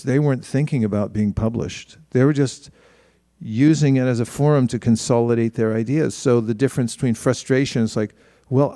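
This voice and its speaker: A man's voice: medium pitch, dark tone, no room sound, clean studio sound. A man giving a spiritual talk in a conversational way, often restarting his sentences and livening up for quoted asides.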